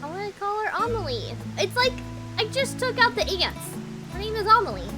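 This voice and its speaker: A woman's voice: very high-pitched, very animated, brisk, music in the background. A woman with a Texan accent, chatting playfully and giggling as she streams a game. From Texas. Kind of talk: casual live-stream chat while gaming.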